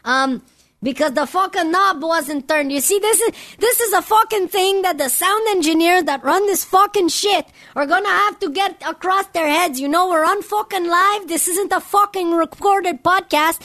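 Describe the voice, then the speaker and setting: High-voiced, swearing woman radio host. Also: moderate pace, bright, forceful tone. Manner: rambling and heavily profane, constant "you know". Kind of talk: profane off-the-cuff radio rant.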